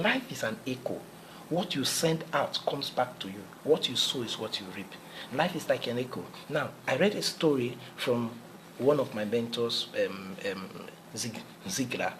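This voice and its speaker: A man's voice: medium pitch, a bit bright, low-quality recording. An earnest male motivational speaker with a mid-range voice talks in a repetitive, preacherly way, often circling back over his own phrases. A faint hiss sits under the recording. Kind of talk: motivational talk.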